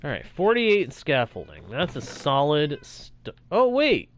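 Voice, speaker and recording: A young gaming streamer with a slightly high voice and huge pitch swings speaks slowly over his own gameplay. He chats casually and reacts aloud to what happens on screen.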